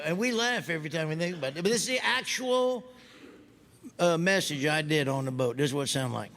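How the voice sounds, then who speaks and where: A man doing stand-up comedy, telling folksy stories loudly and mimicking other people's voices. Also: fairly high pitch, big pitch swings, a little fast. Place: stage before a live audience. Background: audience laughter.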